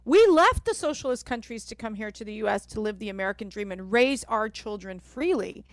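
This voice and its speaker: A woman's voice: medium pitch, expressive, fairly quick, no room sound. A woman co-hosting a talk radio show, emphatic and opinionated. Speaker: radio co-host. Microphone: studio microphone.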